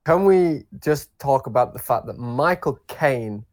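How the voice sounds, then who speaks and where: A man's voice: mid-range voice, animated, unhurried. Jokey man in casual podcast chat. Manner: jokey, acts out little imagined dialogues. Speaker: podcast co-host.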